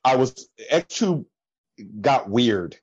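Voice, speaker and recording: A man talking as a podcast guest, telling stories in an animated way and acting out what people said. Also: medium pitch, drawn-out words, slightly rough, no echo, muffled recording. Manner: animated storytelling with laughs and quoted voices. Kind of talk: casual conversation.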